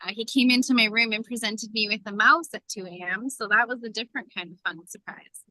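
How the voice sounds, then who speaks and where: Bright, dry-sounding chatty woman. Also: on the high side, no room sound, rough recording. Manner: chatty, quick to chime in. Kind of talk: casual chat.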